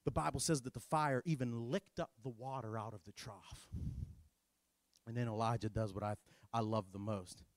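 A man preaching a sermon in a sarcastic, animated, jokey way. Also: mid-range voice, normal speed, no room sound. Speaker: pastor.

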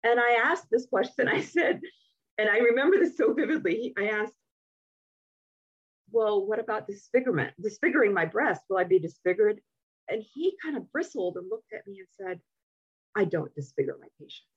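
Woman guest, animated and candid, breathy tone, mid-range pitch, talk-show interview. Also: moderate pace, muffled recording. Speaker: podcast guest. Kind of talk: conversational personal storytelling.

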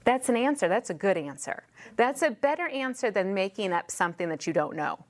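Woman, women's Bible study teacher, mid-pitched voice, emphatic and animated, repeats key phrases, live in a room, wearing a mic. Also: fairly quick. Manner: animated, acts out dialogue in quoted voices. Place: room in a church building. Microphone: wearing a personal mic.

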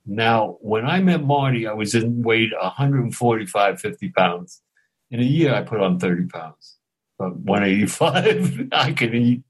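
An older man, an actor telling lively anecdotes in an interview, chuckling and acting out the dialogue. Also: fairly low pitch, a little slow, breathy edge, poor audio. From Brooklyn, New York. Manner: animated, acts out dialogue, chuckles often.

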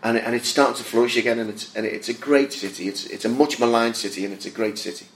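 A man with a Liverpool accent, chatting as a guest and telling animated stories. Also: mid-range voice. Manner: fast, animated storytelling with impressions. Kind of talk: casual podcast chat.

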